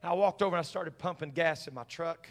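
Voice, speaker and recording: A man's voice: on the high side, quick pace. A man, a pastor, preaching a sermon and telling a personal story in a conversational way.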